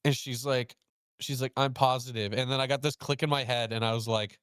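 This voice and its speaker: A man's voice: a little fast, clean tone, dry recording, studio quality. A young man hosting a casual chat, telling a story and acting out both sides of the dialogue. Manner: animated, acts out quoted dialogue with pitch jumps. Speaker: host.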